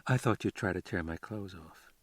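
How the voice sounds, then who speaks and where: A cool, wry young woman marshal, read by a man in a low, unforced voice. She teases lightly and keeps her composure. The sound is dry and close. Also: normal speed, husky, no room sound. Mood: teasing. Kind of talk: audiobook dialogue.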